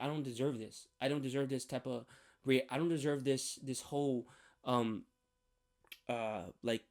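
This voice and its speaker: A young man telling a personal faith story in a rambling, hesitant way, full of restarts and fillers. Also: mid-range voice. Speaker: vlogger sharing a faith testimony.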